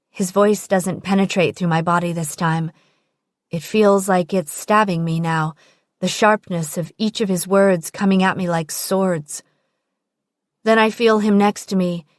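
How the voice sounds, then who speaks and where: A woman's voice: mid-range voice, steady tone, measured pace, no echo, clean studio sound. A woman narrating a first-person audiobook in an intimate, present-tense storytelling manner.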